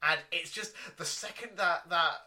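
A young man co-hosting a casual podcast chat, animated and laughing often, swearing freely. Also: on the high side, normal speed. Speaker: podcast co-host.

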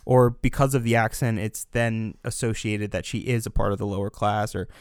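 A man's voice: on the low side, little pitch movement, normal speed, darkish tone, clear, resonant tone, no room sound, clean studio sound. A man co-hosting a casual film podcast, talking earnestly and rambling with restarts. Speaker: podcast co-host.

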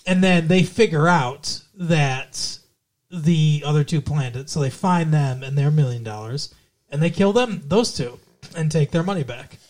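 A man with a slightly high-pitched voice talks through a film on a podcast in an easy, unscripted way. He swears freely and strings the plot together with loose restarts. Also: a little slow. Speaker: podcast co-host. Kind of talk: casual movie-review chat.

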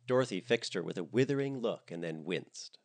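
A man narrating a comedic story in an expressive, animated reading style. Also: deep voice, brisk.

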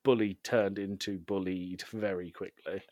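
A man co-hosting a podcast, casually recapping a TV episode with frequent ums and quick laughs. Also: deep voice, flat delivery, a little mellow, no echo. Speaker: podcast co-host.

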